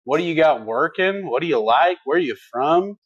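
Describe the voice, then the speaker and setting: A man co-hosting a livestream reads viewer comments in a laid-back, folksy way, chatting casually and laughing easily. His voice is fairly high, expressive and husky at a moderate pace, with no room sound and dull audio.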